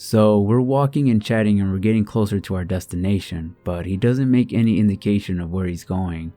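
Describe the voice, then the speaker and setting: A man reading submitted true scary stories aloud, with a steady, even delivery. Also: low voice, normal speed, hardly any pauses. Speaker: horror story narrator. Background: soft background music.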